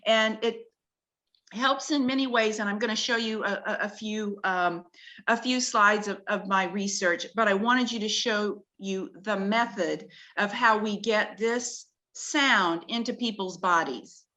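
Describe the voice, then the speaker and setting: A woman's voice: mid-range voice, a little slow, sharp tone. A woman, a talk-show guest, earnestly walking through slides of her research in a video-call conversation and explaining each with wonder.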